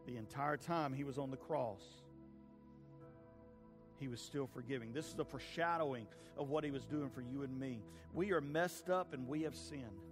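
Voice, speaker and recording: A man preaching a sermon, swinging from hushed pleading to loud fervent peaks. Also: medium pitch, moderate pace, over music. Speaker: pastor. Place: church sanctuary with a congregation.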